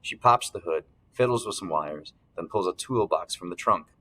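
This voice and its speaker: A man reading a first-person novel aloud as narrator, steady, clearing his throat now and then. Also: sits low, moderate pace, poor audio. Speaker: audiobook narrator.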